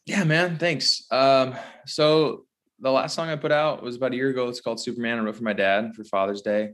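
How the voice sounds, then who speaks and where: A man's voice: medium pitch, fairly even intonation, brisk, fairly bright tone. A man from Southern California, a songwriter guest, talking easygoing with many fillers. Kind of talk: casual interview chat.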